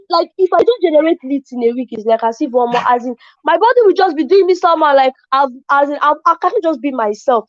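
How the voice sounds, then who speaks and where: A woman tells her story as an affiliate marketer in an excitable, casual way, often saying "as in". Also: high-pitched, dry recording. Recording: dull lo-fi, dry sound.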